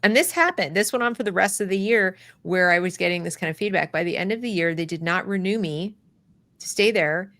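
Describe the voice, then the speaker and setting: A woman's voice: on the low side, fairly quick, no echo. A woman hosting a podcast, telling a story in a casual conversational way, laughing often and acting out what others said. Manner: animated, laughs often, acts out quotes. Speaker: podcast host.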